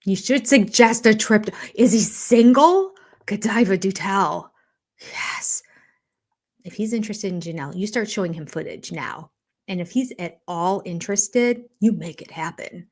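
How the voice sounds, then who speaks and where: An older woman hosting a casual live stream from home. She chats and thinks aloud as she reads viewer comments, and often drops into soft half-whispered asides. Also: medium pitch. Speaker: reality TV livestream host.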